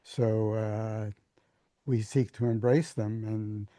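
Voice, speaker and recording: Older teacher guy, deep dark mellow voice, slow halting answers, very dry close sound. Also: flat delivery, dry recording. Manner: slow, halting, repeats words, dry humor. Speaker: spiritual teacher, author. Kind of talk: reflective conversational answers.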